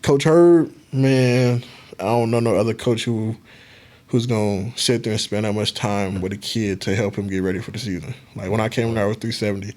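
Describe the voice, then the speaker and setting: A man's voice: lowish voice, steady tone, moderate pace, darkish tone. Laid-back man, casual storyteller, acts out quotes, swears freely. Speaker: guest, former college football player.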